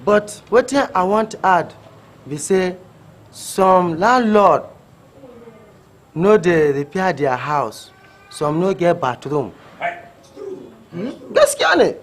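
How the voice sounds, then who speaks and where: A blunt Hausa landlord. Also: male voice, high voice, expressive, slow pace, pauses often. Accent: Hausa-accented Nigerian Pidgin. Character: plain-spoken Hausa male landlord, outspoken. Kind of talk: comedy film acting.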